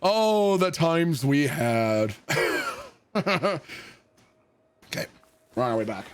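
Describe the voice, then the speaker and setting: A male game streamer telling an army story and chatting with viewers in an animated, joking, profane way. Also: on the high side, very slow, clear, resonant tone. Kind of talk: casual storytelling and chat with viewers.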